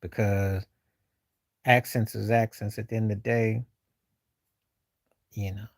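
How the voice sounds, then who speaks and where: A man's voice: lowish voice, flat delivery, slow, vocal fry, no echo, clean studio sound. A man hosting a livestream, rambling loosely with slang while answering viewers in casual chat. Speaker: livestream host.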